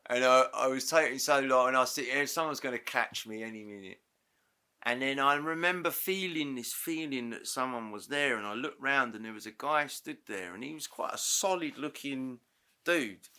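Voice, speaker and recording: Bright-toned man recounting a story. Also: medium pitch, moderate pace, clear, resonant tone. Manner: animated, re-enacts dialogue with self-corrections. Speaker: interview guest. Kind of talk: casual storytelling. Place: podcast studio.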